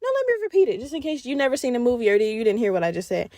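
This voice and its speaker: A woman hosting a podcast, retelling a movie in an animated, profane, slangy comedic style. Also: on the high side, racing, no room sound, clean studio sound. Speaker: podcast host. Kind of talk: casual comedic storytelling.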